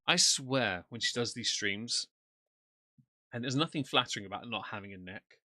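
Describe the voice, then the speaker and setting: Guy riffing dry and mocking on a live stream, bright crisp voice, dead dry mic. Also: medium pitch, animated, moderate pace, no echo. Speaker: livestream commentator. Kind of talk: sarcastic live commentary. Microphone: desk mic, off camera.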